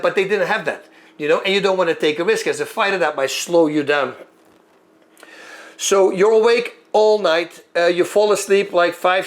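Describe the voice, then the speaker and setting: A former fighter telling a long story in a lively way, acting out moves and sounds as he goes. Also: fairly high pitch. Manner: animated, acts out moves and sounds. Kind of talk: storytelling monologue.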